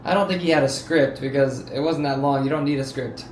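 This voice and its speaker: A man streaming casually and reacting to videos, telling stories with sudden loud exclamations. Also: mid-range voice, a little fast. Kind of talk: casual live-stream chat. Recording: roomy sound with faint background noise.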